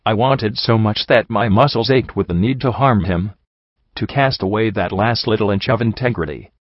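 Low-voiced man narrating a brooding story. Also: moderate pace, dry recording, lo-fi sound. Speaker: audiobook narrator. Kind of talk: first-person story narration.

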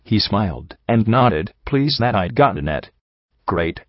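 Low-voiced man reading a story, dry and dull. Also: very animated, measured pace, no echo. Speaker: audiobook reader. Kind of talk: fan fiction audiobook narration.

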